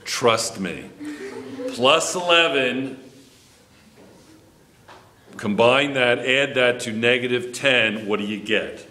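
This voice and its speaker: A man's voice: mid-range voice, takes it slowly, long pauses, bright, forceful tone. A man teaching a chemistry class, lecturing and teasing his students with jokes. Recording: echoey classroom with faint background noise.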